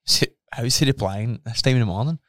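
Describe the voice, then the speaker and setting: A Scottish man co-hosting a podcast shares a personal story openly and emotionally, swearing often. His mid-range voice is a bit bright and moves at normal speed, captured in a dry studio-quality recording.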